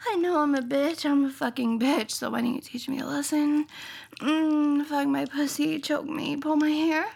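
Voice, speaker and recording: High, breathy woman in erotic role-play. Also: fairly even intonation, measured pace, a little mellow. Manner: breathy, moaning, pleading. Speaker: erotic audio performer.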